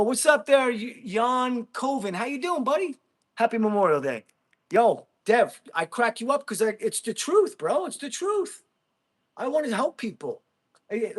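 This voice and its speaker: A man's voice: high-pitched, a bit bright. A middle-aged man hosting a casual livestream, bluntly chatting with viewers and calling them bro. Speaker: livestream host. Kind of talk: casual livestream chat, reading comments.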